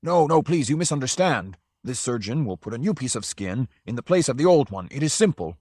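A man's voice: mid-range voice, very animated, brisk, a little mellow, dry recording, clean studio sound, voice pushed up. A man voicing an eager, insistent art dealer pressing a deal. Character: eager pushy adult male art dealer.

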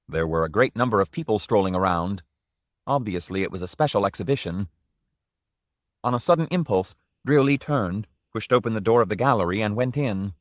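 A man narrating a story from a script in a measured, even way. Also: lowish voice, dry recording, clean studio sound.

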